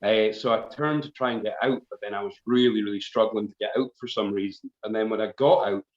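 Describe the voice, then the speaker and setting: A man's voice: fairly low pitch, fast. A man, a folk band member on a live stream, telling a long story in a rambling, self-mocking way. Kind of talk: casual storytelling. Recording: roomy, slightly dull live-stream audio.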